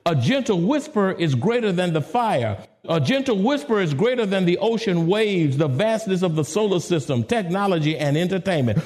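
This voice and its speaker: A male pastor preaching a sermon, swinging from soft hushed lines to sudden high exclamations. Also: expressive, normal speed.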